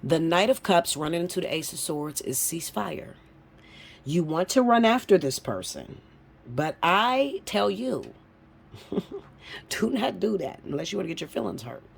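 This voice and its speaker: A woman giving a casual tarot reading to camera. She talks bluntly and swears a lot, with a teasing tone that swings from low mutters to high, loud bursts. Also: sing-song, unhurried, creaky, a little hiss or hum. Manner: blunt, profane and teasing, breaks into laughs. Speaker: tarot reader.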